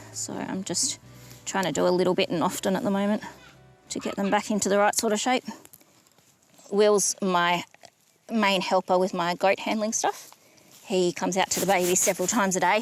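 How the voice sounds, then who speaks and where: A young Australian woman and goat breeder talking in a relaxed, matter-of-fact way outdoors on her farm. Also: medium pitch, low-quality recording. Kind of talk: documentary interview on her farm. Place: outdoor farm paddock with goats.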